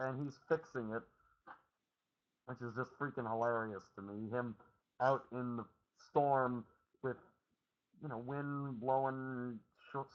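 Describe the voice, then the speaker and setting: Young male vlogger, mid pitch, casual swearing recapper, rambling delivery, dull low-fi home recording. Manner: loose and profane, with self-interrupting restarts.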